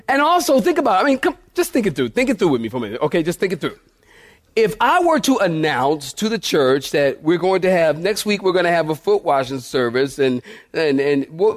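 The pastor's voice sits high and swings widely in pitch as he preaches at a moderate pace. Laughing often, he tells humorous stories and speaks to the congregation as "y'all."

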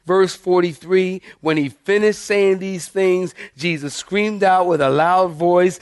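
A middle-aged man preaching a sermon as pastor, animated and talking straight to his congregation. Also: high-pitched, measured pace, no echo, studio quality.

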